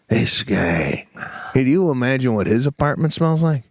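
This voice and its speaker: A man co-hosting a comedy podcast, telling an animated story, acting out quotes and laughing often. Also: mid-range voice, moderate pace. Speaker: co-host.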